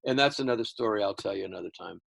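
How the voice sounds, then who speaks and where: Gravelly older man telling a story. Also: fairly low pitch, very fast. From Houston, Texas. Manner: rambling, animated storyteller with restarts. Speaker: guest musician. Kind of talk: storytelling in an interview.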